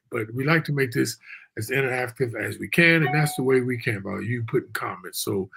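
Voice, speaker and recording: A man with a gravelly, husky voice hosts a casual live-stream show from a remote virtual studio. He talks in a chatty, loose way with folksy asides, at a middling pitch. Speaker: talk show host.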